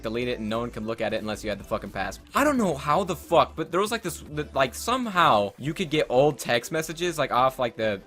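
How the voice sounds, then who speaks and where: A young man telling a rambling, profane story while playing a video game, with loud outbursts. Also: medium pitch. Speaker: gaming YouTuber. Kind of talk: storytelling over gameplay.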